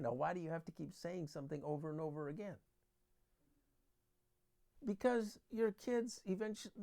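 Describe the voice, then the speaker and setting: Gravelly man teaching parents. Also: fairly high pitch, warm tone. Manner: earnest, explaining with everyday examples. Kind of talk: parenting talk with Bible verses.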